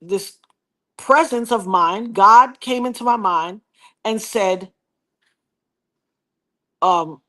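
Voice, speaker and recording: A woman's voice: mid-range voice, very slow, pauses often. A woman in her fifties telling a personal story in a casual livestream, acting out the voices of the people she quotes and talking about prophecy like a preacher. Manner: animated retelling, acts out quoted voices; preachy, talks of prophecy and God.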